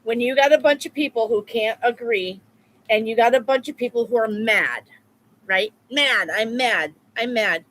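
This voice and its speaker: A woman's voice: on the high side, normal speed. A woman tarot reader talking live to her viewers in a blunt, repetitive, profane way. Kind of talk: live-stream chat with viewers.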